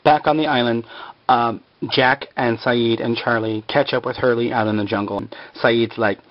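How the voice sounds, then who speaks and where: A man's voice: mid-range voice, fairly even intonation, normal speed, highs cut off. A man casually retelling a TV episode in a rambling, filler-heavy way. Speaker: show recapper.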